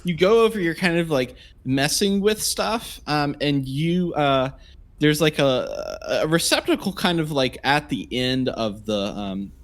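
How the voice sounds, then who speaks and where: A man's voice: on the high side, expressive. A man narrating a tabletop game as game master, casual with many fillers. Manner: casual, filler-heavy, halting.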